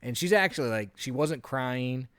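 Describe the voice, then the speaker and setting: A man in his thirties, a podcast co-host telling an animated story in a casual chat, often acting out what he said. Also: medium pitch, normal speed, dry recording, studio quality.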